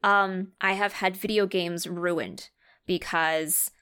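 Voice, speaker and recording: A woman co-hosting a podcast in casual chat, telling stories in a lively, animated way. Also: fairly low pitch, slow pace, clean tone. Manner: animated storyteller who acts out quoted voices. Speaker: podcast co-host.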